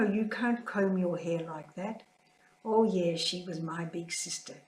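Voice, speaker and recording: An older woman, a religious sister, sharing a heartfelt, tender spiritual reflection in a quietly grieving manner. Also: mid-range voice. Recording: roomy echo.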